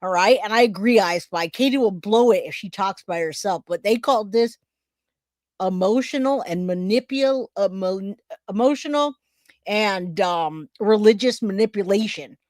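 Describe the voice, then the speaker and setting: A woman talking straight to her audience in a reaction commentary, blunt and openly emotional, with casual swearing. Her voice sits at an ordinary middle pitch. It sounds dry and close, with no room echo. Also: expressive, normal speed, a little mellow. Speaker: online commentator.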